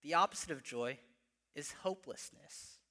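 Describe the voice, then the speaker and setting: A young male pastor preaching in a church, with a higher-than-average voice and a bright, forceful tone. He talks earnestly, often repeating words and restarting phrases as he builds a point. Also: moderate pace, long reverb tail. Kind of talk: sermon.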